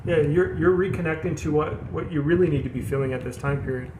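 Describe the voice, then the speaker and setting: A man's voice: a little high, fast. A man giving a casual spiritual tarot reading, earnest and rambling, often repeating himself and calling his viewers "you guys". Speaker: tarot reader. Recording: echoey room with background noise.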